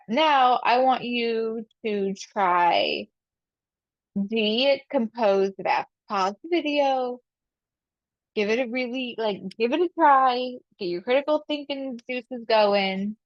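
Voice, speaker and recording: A woman's voice: fairly high pitch, dry recording, highs cut off. A woman math teacher in a recorded video lesson, talking through each step aloud, asking and answering her own questions and repeating key phrases.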